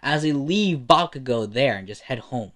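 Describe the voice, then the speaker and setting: A young man narrating a homemade fan story off the cuff. His pitch sits in the middle range, and he talks in a rambling, slangy way with many fillers. It sounds relaxed and unpolished. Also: normal speed.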